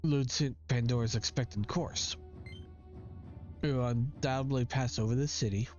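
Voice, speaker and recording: A fussy, eccentric doctor lays out a plan, as a man reads his lines aloud in a game playthrough. The voice sits at a middle pitch, and the recording sounds dull and lo-fi with faint game music underneath. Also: steady tone, normal speed, darkish tone, close to an everyday voice. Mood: explaining.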